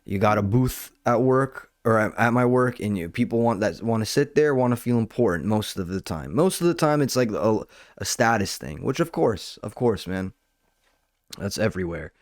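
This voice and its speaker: Man, young adult, podcast host, low pitch, dry sound, rambling profane storytelling. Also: moderate pace, no echo. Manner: profane, rambling, animated retelling. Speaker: nightclub door staff. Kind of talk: casual comedic storytelling. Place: home kitchen.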